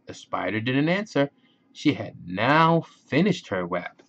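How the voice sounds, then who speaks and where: A man reading a picture book aloud to children in a gentle, playful way. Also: sing-song, unhurried, muffled recording, slight background noise. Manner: gentle, playful, animal sounds done in a high voice. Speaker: storybook reader.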